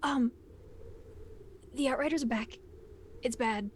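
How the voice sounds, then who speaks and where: A woman playing her character in a tabletop game, talking quickly and half in character. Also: high-pitched, slight background noise. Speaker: player. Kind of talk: casual tabletop role-play.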